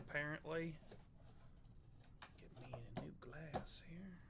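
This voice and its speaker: Against a noisy background, a young livestream host talks slowly in a slightly high voice. He's joking around and chatting loosely as he tastes bourbon.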